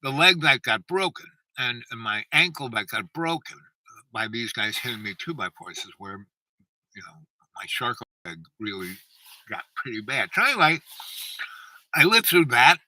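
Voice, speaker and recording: A man's voice: medium pitch, big pitch swings, normal speed, bright, forceful tone, dry recording, distant mic, poor audio. A man telling a long personal story in a meandering, self-interrupting way and acting out the people he quotes. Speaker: channel host.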